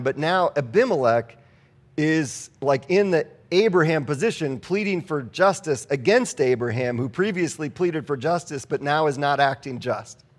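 A man preaching a sermon in a conversational way, reading scripture aloud and asking the congregation rhetorical questions. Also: a little high. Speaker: pastor.

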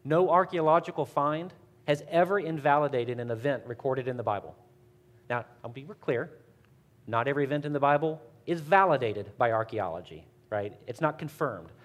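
A man's voice: on the high side, lively intonation, moderate pace. A man giving a conversational, emphatic church talk who speeds up when telling stories. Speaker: church speaker. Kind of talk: sermon-style talk.

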